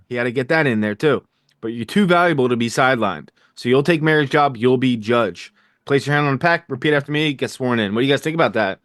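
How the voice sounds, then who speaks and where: A man's voice: medium pitch, no room sound, studio quality. Upbeat man hosting a TV recap. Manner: energetic, jokey, fast asides. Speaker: podcast host. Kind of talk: casual TV recap chat.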